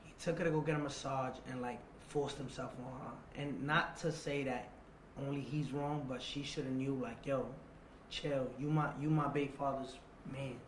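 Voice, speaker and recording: A man telling a long personal story in an interview. He repeats phrases, acts out remembered dialogue and drops to a low, quiet voice for the tense parts. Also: steady tone, normal speed, a little hiss or hum. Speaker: interview guest. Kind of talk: casual storytelling. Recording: roomy echo.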